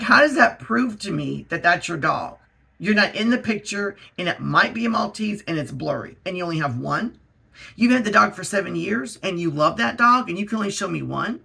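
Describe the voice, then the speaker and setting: A man with a raspy, gravelly, fairly high voice tells a casual storytime on his vlog. His sound is bright and edgy, and he keeps it loose and animated, leaning on "like" as he goes. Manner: chatty, animated storytelling with many "like" fillers. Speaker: vlogger.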